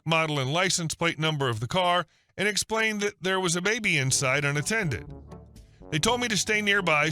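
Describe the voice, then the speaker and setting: A man narrates scripted stories in a high, very bright voice. His read is smooth and even, with no fillers, and faint music plays underneath. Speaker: story narrator.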